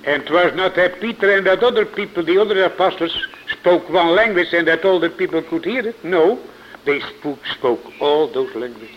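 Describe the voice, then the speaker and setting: A man preaching a sermon to his congregation, slow and emphatic, repeating key words for weight. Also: on the high side, expressive. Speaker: pastor. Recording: muffled lo-fi sermon recording with faint hiss.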